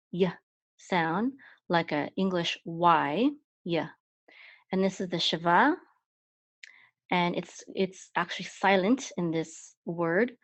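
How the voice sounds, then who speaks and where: Slow, patient woman teaching Hebrew. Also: fairly low pitch, no echo. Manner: patient, repeats sounds many times. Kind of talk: slow step-by-step language lesson. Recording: dull dry lo-fi recording.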